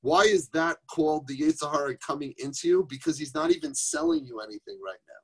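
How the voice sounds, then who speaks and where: A man's voice: a little high, sing-song, quick pace, gravelly, breathy edge. A man teaching Torah informally on a group phone call, conversational, asking rhetorical questions and mixing in Yiddish and Hebrew terms.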